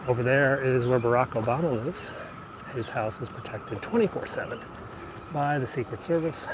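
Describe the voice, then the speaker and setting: A man streaming live as he bikes along city streets, chatting with his viewers and thinking aloud as he goes. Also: mid-range voice. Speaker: livestreaming vlogger. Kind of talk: live-streamed tour while biking. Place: outdoors on a city street while riding a bike. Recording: outdoor phone stream with loud street noise. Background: street ambience and traffic.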